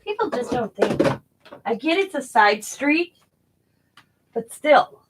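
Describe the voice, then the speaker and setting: A woman's voice: high voice, big pitch swings, slow pace, a little hiss or hum, poor audio. A middle-aged woman hosting a crafting video, chatting casually as she works and laughing often while she tells stories. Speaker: crafting channel host.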